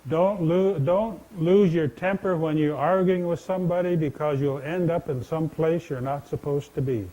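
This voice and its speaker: Folksy male storyteller with a mellow voice. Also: a little high, moderate pace, low-quality recording. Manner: folksy, conversational, addresses listeners directly. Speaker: storyteller and speaker. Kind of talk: telling traditional legends to an audience. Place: stage in a large indoor venue.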